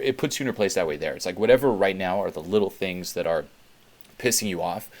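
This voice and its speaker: A man talking casually in a self-help vlog, rambling with lots of fillers and blunt swearing. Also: low-pitched. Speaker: self-help video host.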